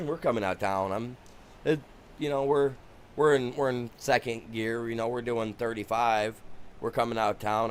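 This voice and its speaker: A lower-pitched man rambles through a personal story while he streams a game. His delivery is loose and conversational, with restarts and filler, and a faint noise floor sits under the recording. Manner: rambling anecdotes with many restarts and "you know". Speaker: gaming streamer.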